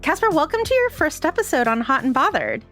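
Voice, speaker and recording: Lively wry woman podcast host. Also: high voice, soft background music. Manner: lively, wry and playful, quick asides. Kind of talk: scripted intro then casual chat.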